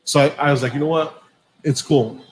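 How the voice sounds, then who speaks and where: Profane man telling a story, slightly high voice. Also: a little fast, slight background noise, low-quality recording. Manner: profane, animated anecdote-telling with quoted dialogue. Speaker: podcast host. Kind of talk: casual storytelling.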